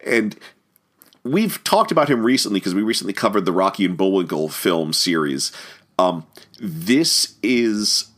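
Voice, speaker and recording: A man's voice: lowish voice, sing-song, measured pace, a bit bright. A man giving a rambling film commentary, with many fillers and restarts. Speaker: commentary host.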